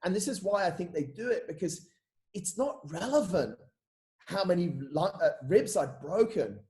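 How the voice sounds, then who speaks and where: A man speaking as a podcast guest, with a voice pitched a little above the usual male range. He talks loosely and candidly, repeats his words as he goes, calls the listener "mate" often, and swears without a second thought. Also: animated, moderate pace, a little mellow. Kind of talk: candid storytelling in an interview.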